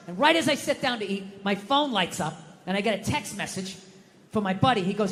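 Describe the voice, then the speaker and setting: A man's voice: sits high, sing-song, fast, sharp tone, slight background noise. A middle-aged man doing stand-up comedy on stage, ranting and swearing, mocking himself. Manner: profane, ranting, self-deprecating. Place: comedy stage before a live audience. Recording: live venue with long reverb.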